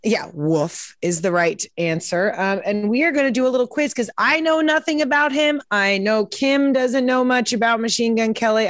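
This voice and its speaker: A woman's voice: mid-range voice, no room sound, studio quality. Self-mocking, rambling woman host. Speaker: podcast host. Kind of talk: casual chat. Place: indoor studio.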